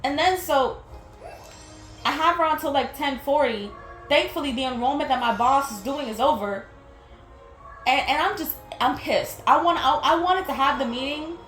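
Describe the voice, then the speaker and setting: Young woman, high-pitched, candid storytime rant with plenty of cursing; roomy echo, faint music underneath. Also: normal speed, a bit bright. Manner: candid and exasperated, swears freely, stumbles and restarts. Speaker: vlogger.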